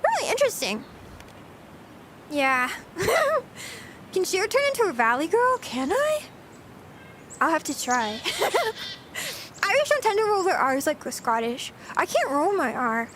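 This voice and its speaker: A woman's voice: extremely high pitch, sing-song, a little slow, pauses often, a bit bright, slight background noise. A woman streamer chatting casually with her live chat, giggly and talkative, answering questions as she goes.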